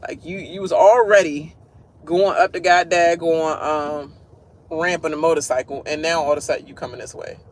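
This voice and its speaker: High-voiced man ranting a TV recap. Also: fairly even intonation, moderate pace, slight background noise. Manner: blunt and profane, laughs often. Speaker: show recap host. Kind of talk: casual TV recap rant. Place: at work.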